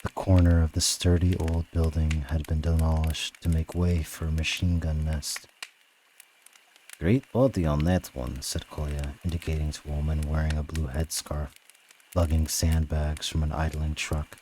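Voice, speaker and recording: A man reading a novel aloud in an even, measured storytelling delivery. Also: a bass voice, a little hiss or hum, low-quality recording. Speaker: reader.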